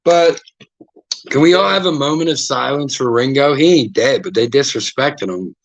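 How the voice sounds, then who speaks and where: A podcast host with a mid-range voice and moderate pace tells stories in a casual, animated, profane style. He imitates the voices of the people in them as he chats.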